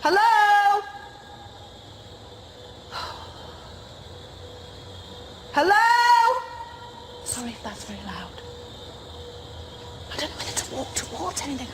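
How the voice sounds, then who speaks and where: Heavy background noise surrounds a woman with a fairly high, lively voice who speaks fairly quickly. She is fronting a paranormal program solo in the night woods, calling to spirits in scared whispers, skittish and cracking nervous jokes.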